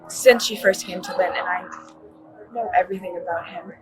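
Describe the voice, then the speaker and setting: A woman's voice: fairly low pitch, steady tone, fairly quick, very noisy. A young woman recounting a night's events to a police officer, rambling with lots of "like" and correcting herself as she goes, recorded by a body camera in a college dorm. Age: young adult. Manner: rambling, fillers of "like", self-correcting. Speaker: witness talking to police.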